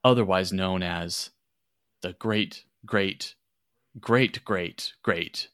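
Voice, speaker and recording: A man's voice: low voice, extremely slow, fairly bright tone, smooth, no echo, studio quality, full character voice. A man voicing a nervous, fussy professor who stammers and speaks formally. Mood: flustered.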